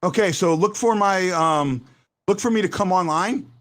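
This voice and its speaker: A man hosting a casual sports fan show, talking in an animated way and stumbling over repeated words as he makes his points. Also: sits high, moderate pace. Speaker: host.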